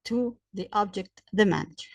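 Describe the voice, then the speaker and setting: A woman's voice: mid-range voice, gravelly, no echo. Woman teaching grammar. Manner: slow, repetitive explaining with examples. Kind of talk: explanatory grammar lesson.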